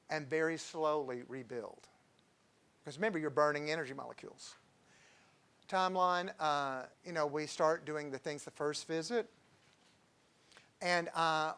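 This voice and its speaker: A man's voice: a little high, fairly bright tone. A man, a doctor giving an informal health talk, chatty and digressive and telling patient stories.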